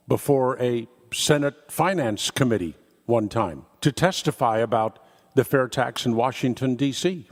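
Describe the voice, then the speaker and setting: Older male talk host, punchy and sarcastic, mid-pitched voice, long hall reverb. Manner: emphatic, sarcastic, acts out quoted dialogue. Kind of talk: political commentary monologue.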